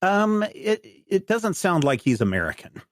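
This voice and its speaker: A man narrating as game master of a tabletop game, rambling with many pauses and fillers. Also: high voice, sing-song. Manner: rambling, many "uh"s and restarts while describing.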